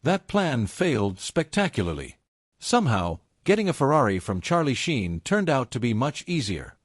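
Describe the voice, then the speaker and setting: A man's voice: medium pitch, big pitch swings, normal speed, no echo, clean studio sound. A man giving scripted narration between clips.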